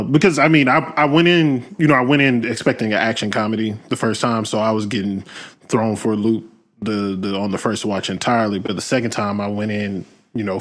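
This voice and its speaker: A man hosting a casual film discussion podcast, talking thoughtfully with many pauses and fillers. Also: lowish voice. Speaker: podcast host.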